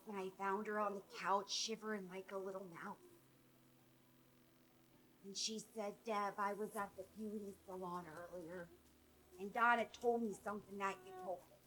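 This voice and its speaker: A chatty middle-aged gossip, put on by a woman tells her tale breathlessly and melodramatically. Her pitch stays in a middling range. It is played as a comedy sketch monologue. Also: fairly bright tone, natural voice, poor audio.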